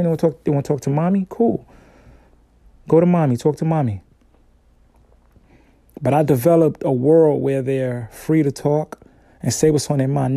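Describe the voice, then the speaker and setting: A man's voice: a little high, vocal fry, dark tone, dry recording, studio quality. A man hosting a casual solo podcast, talking in a laid-back, slangy, conversational way. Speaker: podcast host, father.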